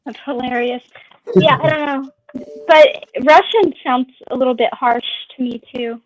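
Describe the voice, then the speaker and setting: A woman's voice: sits high, unhurried, dry recording, highs cut off. A woman streamer chatting casually in an open group conversation, musing and drawing out her phrases. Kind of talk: casual chat.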